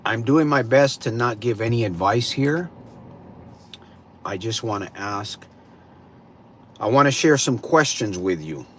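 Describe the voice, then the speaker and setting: A man hosting a live stream, greeting viewers and slowly posing reflective questions to them. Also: medium pitch, animated, fairly bright tone, a little hiss or hum. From California. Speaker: livestream host.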